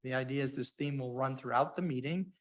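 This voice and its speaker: A man's voice: mid-range voice, a little fast, a bit bright. Chatty man moderating a conference. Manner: chatty storytelling with fillers, playful quoted voices. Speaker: meeting organizer and moderator. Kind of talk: conference talk to a live audience. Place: hybrid conference meeting room.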